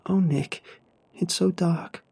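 Narrator puts on a dead mom's ghost, higher pitched, raspy, creepy, begging. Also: male voice, fairly even intonation, slow pace, a little mellow, exaggerated voice. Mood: pleading. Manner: raised strained pitch, then low and ominous. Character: ghost of a dead mother, eerie and pleading.

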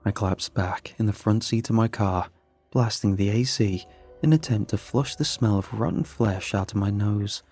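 Low-voiced man narrating a horror story. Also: normal speed, a little mellow, husky, soft background music.

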